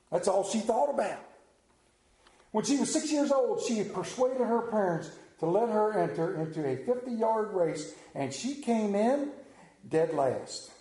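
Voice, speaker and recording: Mellow-voiced preacher in an echoey room. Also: male voice, high-pitched. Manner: animated storytelling, drops to a hushed voice for emphasis. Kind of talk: sermon with storytelling.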